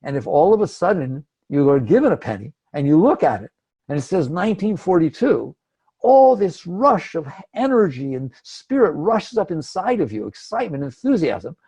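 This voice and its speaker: A man's voice: on the high side, very animated, fairly quick, mellow, slightly rough. A man giving a conversational spiritual talk, emphatic and acting out inner thoughts. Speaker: spiritual teacher.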